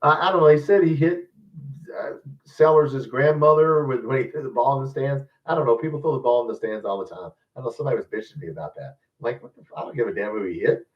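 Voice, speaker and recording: A man's voice: medium pitch, fast talker, distant mic. Blunt rambling man, off-mic and muffled. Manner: blunt, rambling, addresses viewers as guys. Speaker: fan channel host. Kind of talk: live-stream sports commentary, casual rant.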